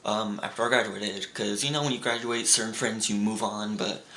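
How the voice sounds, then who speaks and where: A man's voice: fairly low pitch, steady tone, moderate pace, pushed and bright. A young man telling stories in a casual vlog. He rambles with restarts and acts out his friends' lines in raised voices. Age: young adult. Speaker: vlogger. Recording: roomy echo with faint background hum.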